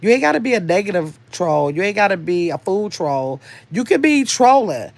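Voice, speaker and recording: A woman's voice: medium pitch, sing-song, moderate pace, darkish tone, no echo. An older woman hosting a casual livestream, chatting and rambling as she reads viewers' comments aloud. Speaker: livestream host reading chat.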